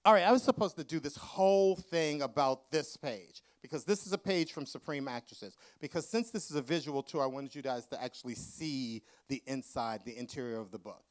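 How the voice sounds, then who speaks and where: Animated, campy man telling stories. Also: a little high, brisk, hardly any pauses. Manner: animated, campy, acts out the voices in his stories. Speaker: author giving a book talk. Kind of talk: comic storytelling to a live audience. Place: museum event hall with a live audience.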